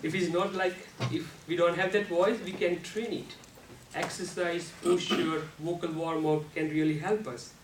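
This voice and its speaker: Slow, deliberate man in an echoey room. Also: little pitch movement. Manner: slow and deliberate, with non-native grammar and demonstrative shifts in pitch and volume. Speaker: club speaker giving a speech. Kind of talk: prepared public speech. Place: meeting room. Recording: echoey room, speaker far from mic, faint noise.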